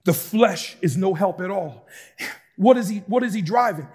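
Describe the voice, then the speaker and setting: A man preaching a sermon, moving between calm explanation and fervent shouting with casual asides to the congregation. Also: high-pitched, moderate pace, husky. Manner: shouts and preaches with rising intensity, conversational asides. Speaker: pastor.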